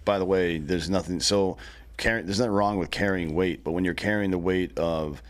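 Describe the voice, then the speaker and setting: A man's voice: low-pitched, normal speed. A man hosting a podcast, talking bluntly and casually with some swearing. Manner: blunt, swears, short agreeing replies. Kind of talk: casual conversation.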